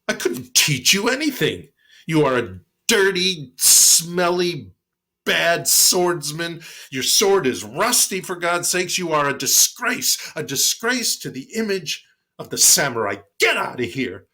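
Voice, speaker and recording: A man's voice: a little high, very animated, measured pace, pushed and bright, voice pushed up, full character voice. A man voicing a small, scornful male monk who berates a warrior with disdain. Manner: disdainful, scolding.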